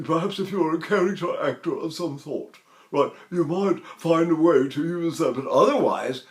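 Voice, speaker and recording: Older male tenor teacher, conversational lecturer, a touch high-pitched, rambling with fillers. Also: moderate pace. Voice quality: trained tenor voice. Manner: conversational, many fillers, breaks into full operatic singing. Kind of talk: lecture with sung demonstrations.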